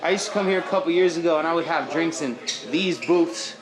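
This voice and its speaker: A rapper from Oregon chats casually in a lounge bar, his voice on the high side and fairly quick. He's animated, drops slang, and laughs often.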